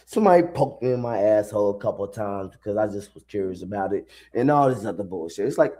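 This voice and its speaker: A man's voice: lowish voice, brisk, hardly any pauses, mellow, husky. A man streaming a live reaction to a video, talking in a loose, profane and rambling way. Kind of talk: casual live reaction commentary.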